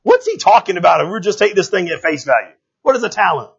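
A man preaching a sermon in a conversational, animated way, often checking in with his listeners. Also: high voice, fast, creaky, husky, dull audio. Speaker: pastor.

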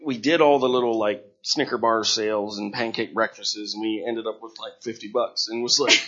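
A man, a missionary, tells his story to a gathered audience in a halting, earnest, emotional way, repeating words when moved. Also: medium pitch, a bit bright, husky. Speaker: missionary sharing his testimony. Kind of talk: emotional personal testimony to a gathering. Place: room before a gathered audience. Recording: dull lo-fi recording.

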